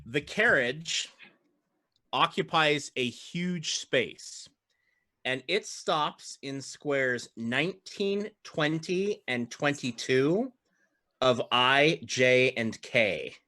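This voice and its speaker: Unhurried man running the game. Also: medium pitch, animated, bright, forceful tone, no echo, clean studio sound. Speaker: dungeon master. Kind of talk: narrating a tabletop game.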